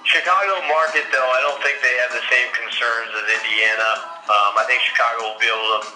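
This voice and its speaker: A man co-hosting a sports podcast in casual chat, relaxed and hedging, laughing often. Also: medium pitch, fairly quick, reverberant, soft background music, rough recording. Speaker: podcast co-host.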